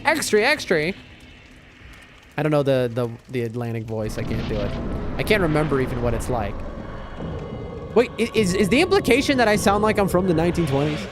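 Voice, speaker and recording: Chatty male streamer, slightly high voice. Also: expressive, fast. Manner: chatty, reacts to gameplay and reads chat aloud. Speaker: game streamer. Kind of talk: casual live-stream chat while gaming. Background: loud game music.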